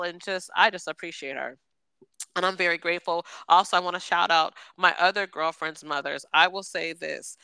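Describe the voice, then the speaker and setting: A woman with a bright, smooth, crisp voice, chatting casually as a podcast co-host. She tells stories at an easy pace and gives warm shout-outs to the people she cares about. The recording is close and dry, with no room sound. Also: lowish voice, normal speed, no echo. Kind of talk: casual chat.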